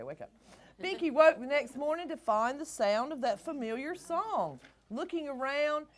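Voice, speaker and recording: A woman reads a picture book to young children. Her voice sits high and swings widely, and she takes her time. She keeps coaxing the kids to act along. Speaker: children's librarian.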